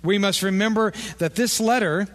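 A man preaching a sermon as pastor, animated and playing out imagined conversations with his listeners. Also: high voice, normal speed. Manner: animated, acts out imagined dialogue. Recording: long echo of a large hall.

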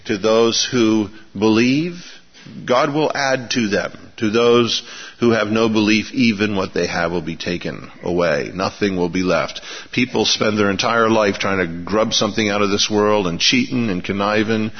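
Folksy low-voiced male preacher. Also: normal speed. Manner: folksy, asks the congregation rhetorical questions. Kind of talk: sermon. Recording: reverberant hall, dull lo-fi sound.

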